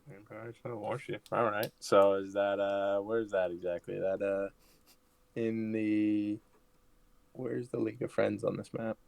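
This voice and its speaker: A man's voice: lowish voice, fairly even intonation, a little slow, vocal fry, a little mellow, no echo. A man playing a tabletop game over an online call, speaking hesitantly with many fillers. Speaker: player. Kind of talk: casual tabletop play.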